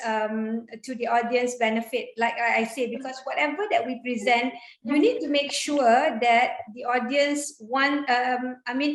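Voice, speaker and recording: Woman, high voice, energetic chatty explainer, roomy echo. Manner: energetic, chatty, demonstrates intonation with examples. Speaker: guest speaker on public speaking. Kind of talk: online panel talk.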